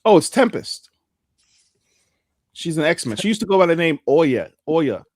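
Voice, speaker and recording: Animated man hosting a comics chat. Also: on the high side, unhurried, dry recording, clean studio sound. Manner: animated, playful, emphatic. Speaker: podcast host. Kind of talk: casual chat about comics news.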